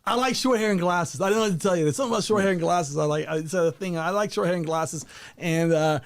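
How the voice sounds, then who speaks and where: A man's voice: sits high, quick pace. A man from New York, a podcast guest, chatting casually and telling rambling stories with frequent laughter. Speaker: podcast guest, event producer.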